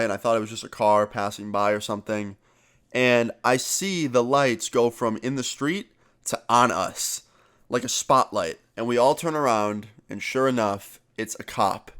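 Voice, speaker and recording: A man's voice: mid-range voice, fairly bright tone. Young man telling a story, swearing freely. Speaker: vlogger. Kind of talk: casual storytelling.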